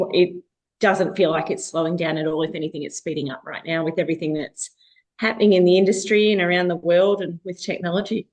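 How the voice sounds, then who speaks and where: A woman in her forties, a marketing director being interviewed, talking casually with frequent laughs and fillers. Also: on the low side. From Australia. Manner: laughs often, chatty with fillers. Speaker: marketing agency director, guest.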